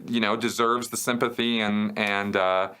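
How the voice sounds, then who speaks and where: Male host, bright clear tone, easy explanatory delivery, keeps asking "okay?". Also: on the low side, steady tone, normal speed. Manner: conversational, checks in with "okay?" and "right?". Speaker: host answering viewer questions. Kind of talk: explanatory casual talk.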